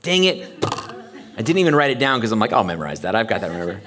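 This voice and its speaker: A man's voice: lowish voice, fast talker. Man preaching a conversational sermon. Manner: conversational, animated, acts out quoted voices. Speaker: pastor. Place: church.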